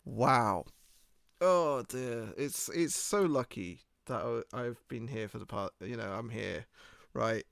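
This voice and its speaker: A man's voice: medium pitch, slow, vocal fry, a bit bright, no echo, clean studio sound. A man hosting a podcast in a casual rambling monologue. He jokes, swears freely and laughs at his own jokes. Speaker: podcast host.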